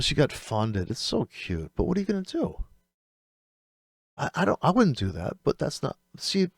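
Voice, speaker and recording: A man's voice: medium pitch, a little mellow, dry recording, studio quality. A man hosting a trading channel, ranting with exasperation and swearing freely as he picks apart other traders' videos. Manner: exasperated, profane, rapid-fire rant.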